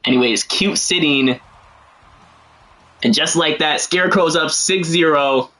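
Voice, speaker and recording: A young man calls a game live on stream, cracking jokes and wandering off into slangy asides between plays. His voice sits a little on the high side for a man. The tone stays loose and casual. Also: measured pace, sharp tone. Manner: joking, rambling, slangy asides. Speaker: game commentator. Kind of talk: casual livestream play-by-play commentary.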